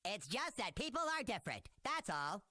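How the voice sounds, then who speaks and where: An actor voicing a deadpan, unbothered schoolboy in an animated cartoon, speaking in a flat, matter-of-fact way. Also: male voice, high voice, moderate pace, no echo, full character voice.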